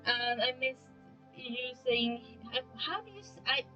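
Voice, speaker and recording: German-accented young woman streamer, high and sparkly, rambly self-mocking chat, faint music under. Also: lively intonation, measured pace, pushed and bright, dull audio. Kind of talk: casual live-stream chat while gaming. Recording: streaming mic with faint game music behind.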